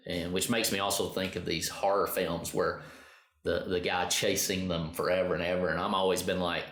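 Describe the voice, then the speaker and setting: Host: man, very low voice, earnest, restarts a lot, echoey room. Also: moderate pace. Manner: earnest, animated when quoting, with repeated restarts. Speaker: podcast co-host. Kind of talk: casual chat.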